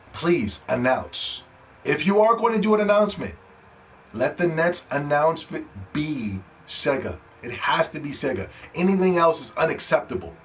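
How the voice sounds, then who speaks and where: A man hosting a gaming podcast, ranting and pleading, dropping to hushed begging and then rising to shouts. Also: a little high, a little hiss or hum. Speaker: podcast host.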